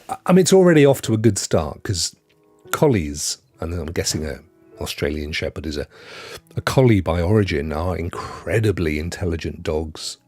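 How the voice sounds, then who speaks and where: A man's voice: sits low, a little mellow, slightly rough. A middle-aged man hosting a live stream, chatting casually with rambling asides and frequent laughs as he reads out good news stories.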